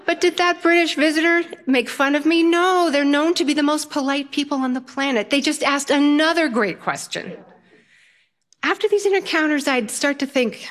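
An older woman telling a personal story in an animated way, often laughing as she talks. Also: sits high, normal speed.

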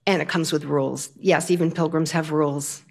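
A woman's voice: deep voice, fairly quick, creaky. Older woman telling a humorous story. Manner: lively, humorous, self-mocking. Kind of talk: stage storytelling.

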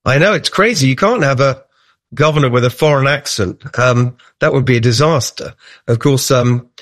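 A man's voice: mid-range voice, normal speed, no room sound, clean studio sound. A middle-aged British man answering interview questions as a political candidate, chatty and hesitant, with frequent fillers and restarts. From United Kingdom. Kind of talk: radio interview.

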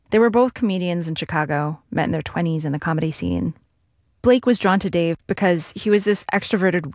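A woman radio reporter narrating a documentary story in a measured, storytelling way. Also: on the low side, dry recording, studio quality. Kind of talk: scripted narration.

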